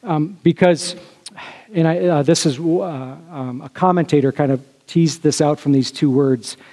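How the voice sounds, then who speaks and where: A man gives a sermon from the pulpit, speaking in a casual, conversational manner with lots of asides to his listeners. His voice sits a little high for a man. The sound carries a long reverb from a large hall. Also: unhurried, mellow. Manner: conversational, with frequent fillers and asides to the congregation. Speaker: pastor.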